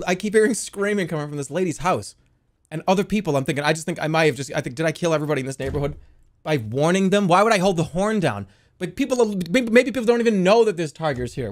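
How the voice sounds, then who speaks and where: A young man casually telling the story of a strange dream, rambling and swearing, with sudden loud panicked outbursts. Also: high voice. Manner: rambling, swears a lot, restarts, jumps into loud panicked quotes.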